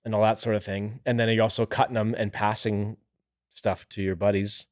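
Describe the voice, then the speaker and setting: A man with a fairly low voice talks through building-site jobs in plain, practical terms. The recording is close and dry, with little room sound. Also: level tone, a little fast, no room sound. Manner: plain-spoken, explaining with trade terms. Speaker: podcast co-host, builder. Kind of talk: casual chat.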